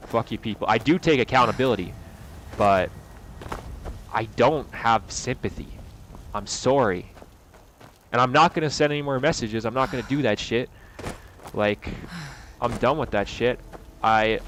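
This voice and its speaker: Young man ranting angrily and profanely. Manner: heated, profane, swings between loud outbursts and low mutters. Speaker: vlogger. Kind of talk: angry personal rant to camera.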